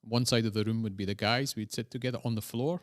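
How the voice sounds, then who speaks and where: A man's voice: medium pitch, steady tone, fast talker, dry recording, clean studio sound. A man with a Scottish accent, a guest in a conversational interview, telling stories in a rambling way and often correcting himself. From Scotland. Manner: rambling, self-correcting storyteller.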